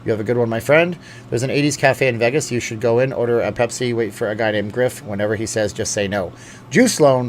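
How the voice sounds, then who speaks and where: A man's voice: mid-range voice, slight background noise. Chatty man rambling on a live stream. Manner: chatty, rambling, talks straight to viewers. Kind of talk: casual live-chat, reading viewer comments. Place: at home with a dog at his feet.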